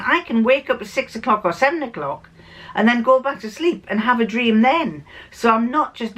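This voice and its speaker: A woman's voice: a little high, fairly bright tone, rough recording. Older woman, vlogger, rambling storyteller, chatty and unscripted. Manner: rambling and anecdotal, with frequent restarts. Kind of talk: chatty vlog monologue.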